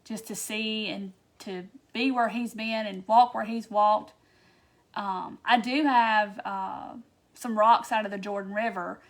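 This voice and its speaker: A woman's voice: mid-range voice, steady tone, slow pace. A chatty woman hosts a casual craft tutorial livestream and answers viewer comments as she goes.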